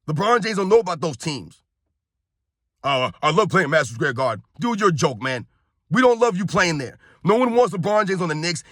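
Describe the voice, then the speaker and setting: A man's voice: sits high, bright, forceful tone, dry recording, clean studio sound. A man from New York in his thirties, ranting heatedly and bluntly in sports commentary, repeating himself and calling his viewers guys.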